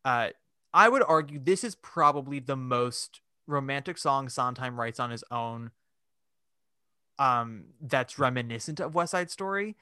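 A man co-hosts a casual podcast chat in a lively way. He acts out little quoted reactions and leans on "like". His voice is bright, and the sound is dry and close. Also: mid-range voice, a little slow, clean tone, no echo. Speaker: podcast co-host. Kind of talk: casual chat about musical theatre.

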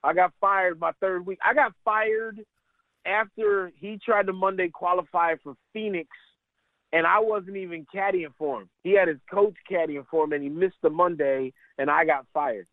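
A middle-aged man, a caddie and stand-up comedian, telling animated, laughing stories as a radio interview guest. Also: high voice, moderate pace, dry recording. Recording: tinny phone line, dry.

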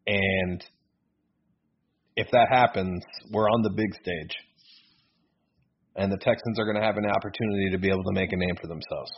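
Low-voiced man on a dull lo-fi podcast. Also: normal speed, long pauses, husky. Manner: rambling, self-correcting, excitable. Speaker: podcast co-host. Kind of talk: casual sports podcast chat.

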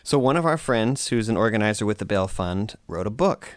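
A woman's voice: a bass voice, expressive, brisk, dry recording, studio quality. A woman hosting a podcast in casual chat, speaking hesitantly with many ums and restarts. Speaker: podcast co-host.

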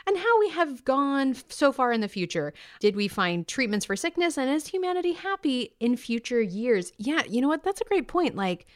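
A woman from New York's Hudson Valley co-hosting a podcast, bubbly and excitable while she reads listener mail. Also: sits high. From Hudson Valley, New York. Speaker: podcast co-host. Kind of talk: casual podcast chat.

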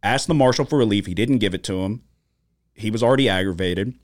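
Quick-paced and lowish in pitch, a male podcast co-host speaks with no room sound around him. Casual studio chat is his setting, where he spins profane, lively stories and acts out the voices of those he quotes.

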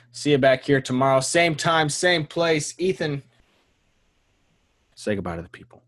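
A man hosting a casual sports podcast, joking with his co-host, laughing often and letting sentences trail off into a quiet mumble. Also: mid-range voice, lively intonation, moderate pace.

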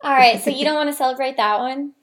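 Woman, podcast co-host, casual comedic chat, giggly and cocky, slightly high voice. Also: fast.

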